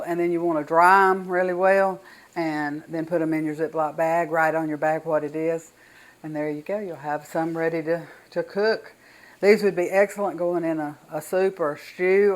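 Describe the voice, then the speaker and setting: A woman's voice: on the low side, poor audio. Older woman, Southern US accent, folksy and chatty, home kitchen cooking demo. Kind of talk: casual cooking demonstration.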